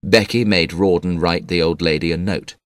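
Male audiobook narrator, very low voice, dry studio sound, measured read. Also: dry recording. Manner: measured, even storytelling.

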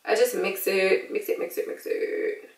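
A woman's voice: medium pitch, fairly even intonation, unhurried. An American woman chatting playfully in a put-on British accent through a casual makeup tutorial. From United States. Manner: playful, chatty, laughs often. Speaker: beauty vlogger. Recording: echoey room, distant mic.

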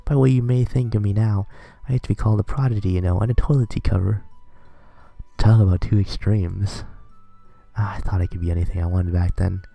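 A man reading a visual novel aloud, narrating in a dry, deadpan way. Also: on the low side, brisk, creaky, soft background music.

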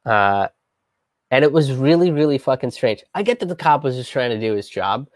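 A man tells a personal story on a live stream in a halting, casual way, with many restarts and blunt swearing. His pitch sits in an ordinary middle range. The sound is dry and close, with no room echo. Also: animated.

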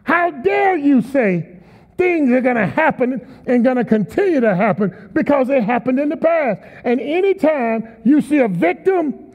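A man's voice: very high voice, expressive, normal speed. A man preaching a sermon as guest speaker, emphatic, with call-and-response to the congregation. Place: large church auditorium. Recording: tinny sound in a long-reverb hall.

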